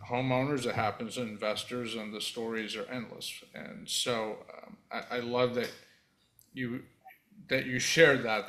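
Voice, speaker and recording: A man's voice: mid-range voice, a bit bright, rough recording. Conversational male podcast host. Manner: conversational, loose with restarts and quick laughs. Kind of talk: casual interview chat.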